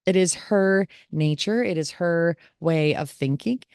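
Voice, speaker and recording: Woman host, reflective caregiver monologue, low gravelly voice, dry close sound. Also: measured pace, darkish tone, no echo. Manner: candid, reflective storytelling. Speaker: podcast host and family caregiver.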